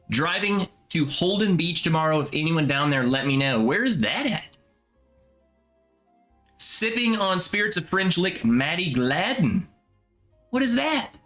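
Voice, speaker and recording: Young guy hosting a chill livestream, chatty, voice bouncing all over, sits a bit high. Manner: relaxed, chatty, drawn-out musing. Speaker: livestream host. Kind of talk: casual live chat reading comments.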